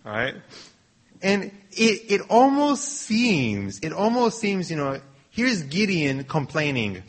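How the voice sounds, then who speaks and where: Male preacher, sermon delivery: unhurried, slightly raspy, earnest, often restarts phrases. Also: on the high side, very animated.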